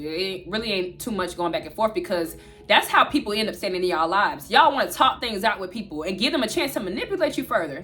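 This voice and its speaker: A woman, telling a storytime vlog straight to her viewers in an animated way. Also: medium pitch. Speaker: vlogger.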